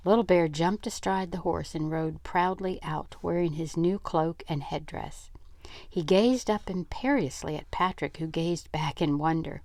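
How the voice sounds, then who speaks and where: A woman's voice: sits low, a little slow, darkish tone, dry recording. An older woman reading a children's book aloud, stopping for chatty asides. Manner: chatty asides between passages.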